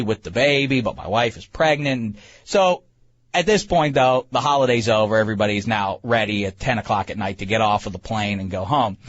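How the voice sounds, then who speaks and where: A man, host of a talk show, telling a comic story in an animated, self-mocking way with many stammering restarts. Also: medium pitch, no room sound, dull audio. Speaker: podcast host.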